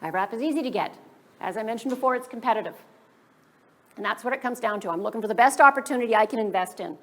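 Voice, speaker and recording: A woman presents at a startup workshop. She speaks briskly as a funding advisor and keeps posing questions to the room. She sounds like she is recorded at a business school event. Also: a little high. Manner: brisk, poses rhetorical questions to the audience.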